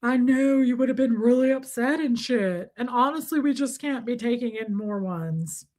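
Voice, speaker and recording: Playful high-voiced woman streamer. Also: normal speed, darkish tone. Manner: playful rambling storyteller, swears freely. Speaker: livestream host. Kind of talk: casual streaming chat.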